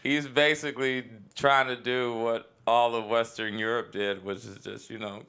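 A man's voice: mid-range voice, flat delivery, normal speed, sharp tone, clear, resonant tone. A man, a comedian guest, joking in laid-back podcast chat.

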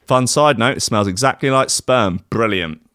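A man's voice: mid-range voice, moderate pace, a bit bright, dry recording, studio quality. A man hosting a streamed comedy show, ranting sarcastically and swearing in exasperation. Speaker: host.

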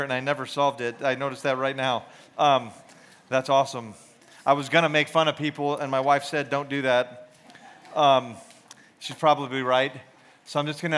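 A man in his forties, from Georgia, talks through a youth ministry sermon like a casual chat. His voice sits a bit high, and he rambles, restarts his sentences and pokes fun at himself. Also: fairly bright tone. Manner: rambling, self-deprecating, many fillers and restarts.

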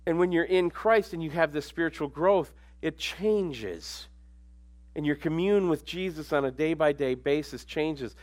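A man with a slightly high voice preaches a sermon at an unhurried pace, keeping it conversational. He drops into quiet asides, then climbs into emphatic lines.

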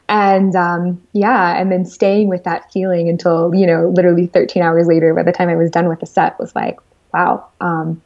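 A woman speaking as an interview guest, telling stories in a lively, rambling way with lots of fillers. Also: fairly low pitch, normal speed, muffled recording. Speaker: guest entrepreneur. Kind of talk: casual storytelling interview.

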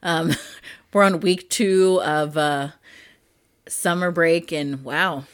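A woman in her thirties co-hosting a podcast in a relaxed, rambling way. Her voice sits fairly low, and she pokes fun at herself as she chats. Her talk often trails off quieter. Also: takes it slowly, smooth. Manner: chatty, self-deprecating, drifts lower and softer as she rambles. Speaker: podcast co-host. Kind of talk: casual chat.

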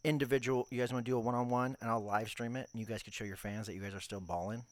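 A man's voice: mid-range voice, fairly even intonation, racing, no echo. A man on a casual podcast telling a long story, acting out the quotes and swearing freely. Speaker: podcast co-host.

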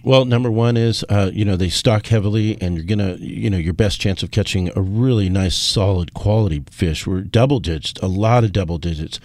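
A man's voice: lowish voice, a little fast, few pauses, a little mellow, dry recording. A man co-hosting a fishing talk show, speaking in an easygoing, casual way. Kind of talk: casual chat.

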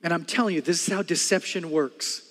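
A middle-aged man preaching a sermon as pastor, telling stories with loud bursts and quiet earnest stretches. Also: a little high, fairly quick, long reverb tail.

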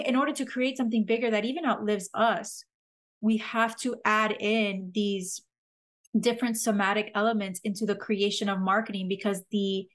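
Woman gently guiding a breathing exercise. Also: medium pitch. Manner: gentle, slow guiding instructions with soft laughs. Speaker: podcast host leading a somatic exercise. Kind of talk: guided breathing and humming exercise.

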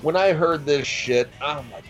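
A man's voice: a little high, a little slow, muffled recording. A man co-hosting a casual music chat, blunt and scornful with heavy swearing. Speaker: music podcast co-host.

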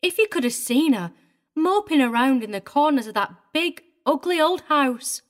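A prim, tearful middle-aged governess, played by a woman in an audiobook drama. She sits a touch high in pitch and talks in an agitated, wavering way, primly proper even when upset. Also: moderate pace.

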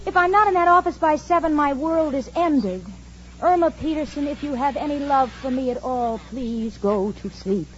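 An actress playing an exasperated sensible roommate. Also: female voice, high-pitched, normal speed, muffled recording, lightly acted. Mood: pleading. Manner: exasperated, pleading, dry. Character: level-headed young working woman, weary roommate. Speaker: comic co-lead. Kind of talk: 1940s radio sitcom acting. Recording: 1940s radio broadcast, studio audience, hiss.

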